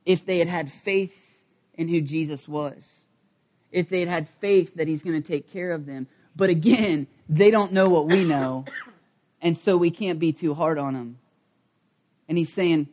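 A middle-aged male pastor preaching a sermon, dramatic, swinging from loud acted outbursts to quiet intensity. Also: sits high.

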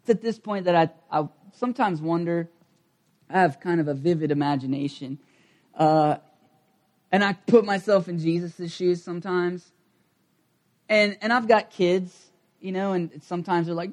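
A middle-aged male pastor preaching a sermon, dramatic, swinging from loud acted outbursts to quiet intensity. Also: high voice, moderate pace.

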